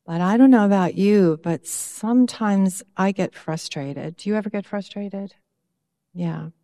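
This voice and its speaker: A woman pastor giving a children's sermon in church, expressive and lifting her pitch when she voices her own prayers. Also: measured pace, long reverb tail.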